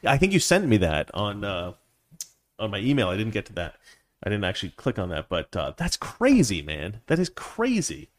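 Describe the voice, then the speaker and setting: A man with a lowish voice hosting a casual livestream. He rambles through viewer comments, corrects himself mid-sentence and laughs often. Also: huge pitch swings, moderate pace. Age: adult, past his teens.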